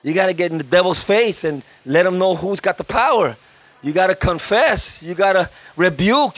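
Animated pastor preaching with wide swings. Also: male voice, normal speed, no echo. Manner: animated, swings from loud and high to soft and low; humorous asides, repeats phrases in a chant. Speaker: guest pastor. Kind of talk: lively sermon. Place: church.

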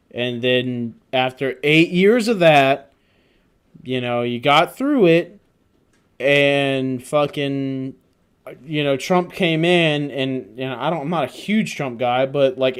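A man's voice: medium pitch, clean tone. A young man hosting a casual chat, swearing often and laughing through his stories. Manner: profane, laughing storyteller. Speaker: host.

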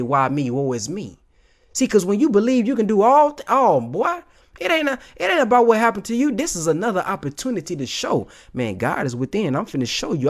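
A man giving casual motivational commentary on video clips, emphatic and slangy, often calling his listener "man". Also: high-pitched.

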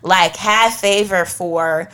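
A woman co-hosting a faith podcast, telling a personal story with lively acted-out quotes. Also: lowish voice, takes it slowly, smooth. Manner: animated storytelling, acts out quotes. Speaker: podcast co-host.

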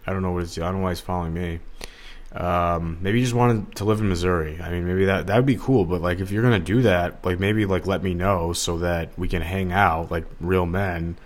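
A man's voice: sits low, steady tone, a little fast. A man hosting a solo podcast, talking in a rambling, digressive, casual way with lots of fillers. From Los Angeles area. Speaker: podcast host.

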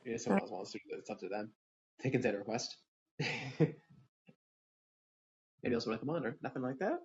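Chill guy hosting a chat, kinda raspy, sounds muffled. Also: mid-range voice, very animated, fairly quick, a little mellow. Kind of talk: casual chat.

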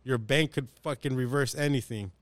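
A man's voice: mid-range voice, moderate pace, no echo. A young man hosting a casual podcast chat, animatedly telling a story in slangy, profane talk and acting out the people in it.

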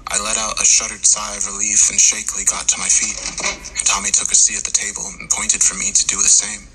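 Grim, low-voiced man telling a horror story. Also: flat delivery, a little fast, heavy background noise. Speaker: narrator. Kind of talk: dramatic horror story narration. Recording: loud music underneath.

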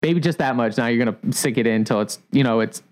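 Picture a laid-back man chatting casually on a podcast, his voice sitting in an ordinary middle pitch. He rambles loosely, stacking up fillers as he explains the finer points of making coffee drinks. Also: fast talker, rough recording. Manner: relaxed, rambling, many fillers like "like". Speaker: coffee shop barista.

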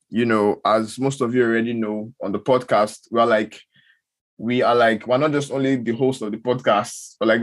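A young man with a Nigerian accent co-hosting a podcast in casual, rambling, self-deprecating chat. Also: mid-range voice. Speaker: podcast co-host.

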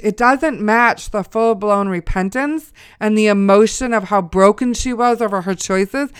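Woman with a smooth resonant voice. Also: medium pitch, no room sound, clean studio sound. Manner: conversational storytelling with preacher-like asides. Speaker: mother sharing a testimony. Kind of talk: spoken testimony.

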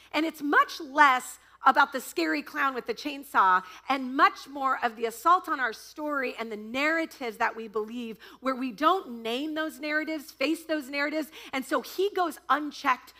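A woman pastor preaching a sermon, telling a story in an animated, laughing, dramatic way. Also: high-pitched. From United States.

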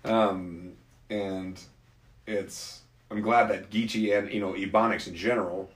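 A man with a slightly low voice chats in a loose, rambling, opinionated way. His voice carries a roomy echo, as if recorded in an open room. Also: steady tone, a little slow, fairly bright tone. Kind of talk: casual conversation.

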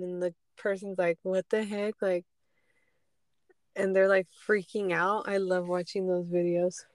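A woman podcast co-host tells a story in relaxed, casual chat. She laughs along and drops to a whisper for quoted lines. The sound is dry and close-miked. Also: fairly low pitch, measured pace, no room sound.

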